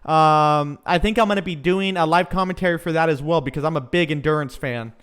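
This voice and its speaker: A man's voice: on the high side, brisk, a bit bright, clear, resonant tone. A young man from Southern California giving casual live race commentary, chatty and fan-like, reading viewer comments with many fillers.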